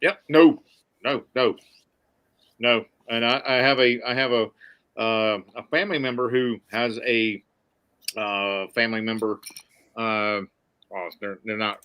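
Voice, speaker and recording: A man's voice: mid-range voice, steady tone, a little slow, pauses often, clear, resonant tone, muffled recording. A man chatting on a podcast, rambling with many restarts and folksy sayings. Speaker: podcast co-host. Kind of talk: casual podcast chat.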